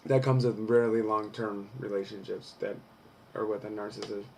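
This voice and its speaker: A man's voice: on the low side, steady tone, normal speed, creaky, a little mellow, slight background noise. A young man recording a candid personal vlog who reads from an article and then talks through it frankly, with some swearing. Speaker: vlogger.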